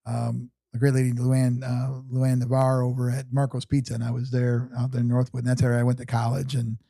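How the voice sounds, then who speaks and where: Rambling guy in his fifties, quick and warm toned, lots of ums and restarts. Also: medium pitch, monotone, vocal fry, dry recording. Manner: rambling, many fillers and restarts. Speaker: guest. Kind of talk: storytelling interview talk.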